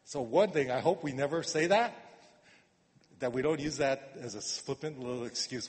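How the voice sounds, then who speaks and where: A man preaching a sermon in a conversational way, repeating words and swinging from quiet asides to emphatic urging. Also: mid-range voice, expressive, moderate pace. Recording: long reverb of a hall.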